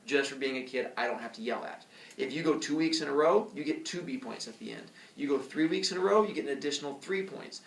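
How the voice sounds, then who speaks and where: A male teacher with a gravelly, creaky edge explains rules to his class, joking and tossing in playful impressions of students. He is picked up from across an echoey classroom, sounding distant from the camera, with a faint hiss behind him. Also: mid-range voice, fast. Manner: joking, lively, puts on kid voices for effect. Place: school classroom. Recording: echoey classroom, far from mic.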